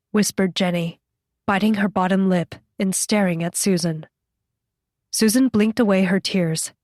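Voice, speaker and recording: A woman reading an audiobook as its narrator, in a measured, scripted delivery. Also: medium pitch, a little mellow, dry recording, clean studio sound.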